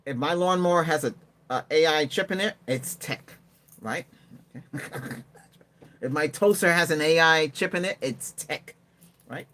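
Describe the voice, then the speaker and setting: A man's voice: fairly high pitch, unhurried, bright, forceful tone. A man hosting a tech livestream, chatting casually and rambling while he answers viewer comments and laughs often. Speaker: livestream host.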